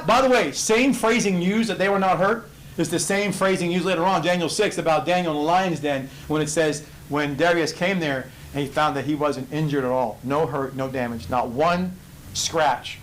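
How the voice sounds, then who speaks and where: A man teaching a Bible study, acting out the characters with excited exclamations. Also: fairly high pitch, normal speed, a little hiss or hum, rough recording.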